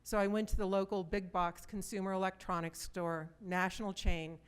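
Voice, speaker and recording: A woman's voice: medium pitch, level tone, moderate pace, clean tone. A woman in her fifties giving a presentation to a live audience, telling stories conversationally and putting questions to the listeners. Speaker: conference speaker.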